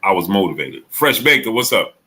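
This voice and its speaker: A man talks to his live-stream audience in a bright, forceful voice with speech. He tells stories with energy, acting out what his friend said, then greets viewers in the chat one by one. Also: lowish voice, fairly quick. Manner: animated storytelling, acts out friend's quotes. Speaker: sports channel host.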